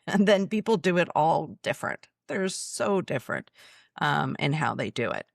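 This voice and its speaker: A woman's voice: low voice, expressive, moderate pace, vocal fry, no room sound, clean studio sound. A woman speaking bluntly and emotionally about her own illness, filmed in her office. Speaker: chiropractor and author. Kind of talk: personal testimony.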